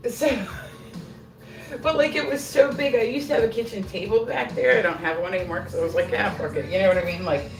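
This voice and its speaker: Fairly quick and mid-range in pitch, a middle-aged woman chats casually and swears freely while baking on her livestream in her home kitchen. A distant mic catches the roomy echo, with music in the background.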